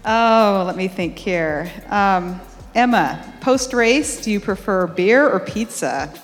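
A woman co-moderating a live panel, asking quick either-or questions while thinking aloud. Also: mid-range voice, lively intonation, in a large hall, faint music behind.

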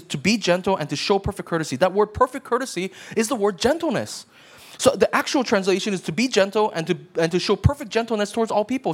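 A man preaching a sermon as pastor, conversational and emphatic, often checking in with his listeners. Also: high-pitched. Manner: conversational preaching with frequent "right?" asides.

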